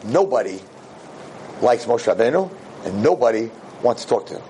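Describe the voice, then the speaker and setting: A middle-aged man giving a lively Torah lecture to a live audience, acting out biblical figures as he speaks. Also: a little fast, long pauses, slight background noise, rough recording. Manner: animated, acts out biblical figures with sudden pitch leaps. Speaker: rabbi lecturer.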